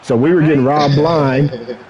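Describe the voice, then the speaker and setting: A man's voice: fairly high pitch, unhurried, dull audio, a crowd in the background. A young man co-hosting a podcast, telling laid-back, swear-heavy stories and laughing often. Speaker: podcast co-host. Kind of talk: casual chat.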